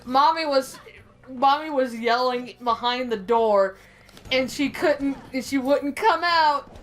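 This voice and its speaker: A woman's voice: sits high, takes it slowly, poor audio. Chatty, laughing young woman co-host. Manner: rambling, animated storyteller who laughs often. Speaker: co-host of a gaming stream. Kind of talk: casual chat over gameplay.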